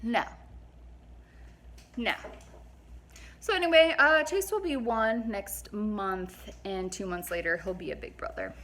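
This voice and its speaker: A young woman telling a personal story for her vlog, in an animated, dramatic way, laughing and swearing as she goes. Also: medium pitch, normal speed, few pauses. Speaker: vlogger.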